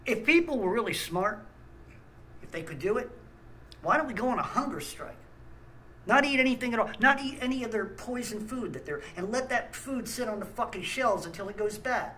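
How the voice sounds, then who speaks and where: A man's voice: very high-pitched, animated, moderate pace, pauses often, bright, forceful tone, a little hiss or hum, low-quality recording. A man, host of a small ministry channel, ranting angrily with blunt talk and stammered restarts. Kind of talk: angry ranting monologue.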